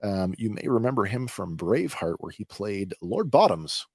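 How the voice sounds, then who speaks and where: Low-voiced man recapping an episode. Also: big pitch swings, normal speed, breathy edge, no room sound, clean studio sound. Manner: hesitant, many filler sounds, chatty. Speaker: podcast host.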